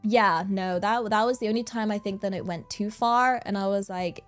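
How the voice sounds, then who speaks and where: A woman's voice: medium pitch, sing-song, normal speed, a bit bright, faint music behind. A woman streaming, chatting casually and animatedly, often laughing as she rambles. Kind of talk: casual chat.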